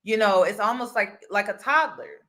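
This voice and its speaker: A woman's voice: medium pitch, moderate pace, a bit bright. A woman hosting a casual commentary video, explaining firmly and repeating her points for emphasis. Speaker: commentary host.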